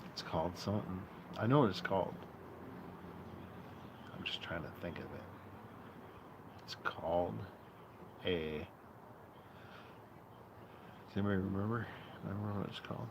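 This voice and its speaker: Male streamer host, lowish voice, loose rambling profane chatter, outdoor noise behind. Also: normal speed, pauses often. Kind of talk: casual live-stream chat. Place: outdoor patio.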